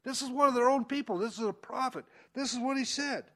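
A man with a notably high voice teaching from scripture in a relaxed, folksy manner. He reads each verse with added emphasis, then talks it through plainly, as if chatting with his listeners. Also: brisk. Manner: conversational, folksy, rising emphasis on quoted verses. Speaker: preacher. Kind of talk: informal Bible teaching.

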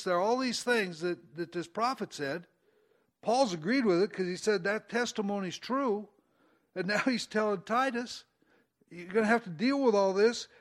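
A man with a notably high voice teaching from scripture in a relaxed, folksy manner. He reads each verse with added emphasis, then talks it through plainly, as if chatting with his listeners. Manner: conversational, folksy, rising emphasis on quoted verses. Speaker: preacher. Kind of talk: informal Bible teaching.

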